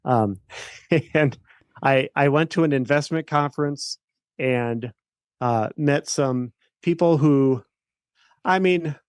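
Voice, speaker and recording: A middle-aged man, an attorney and podcast guest, recounting a personal story in a halting way with many fillers and restarts. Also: a little high, no room sound.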